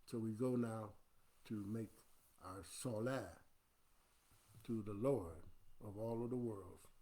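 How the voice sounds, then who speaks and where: A man's voice: fairly low pitch, slow, warm tone. A man, an imam, giving an earnest, instructive Friday sermon into a livestream camera.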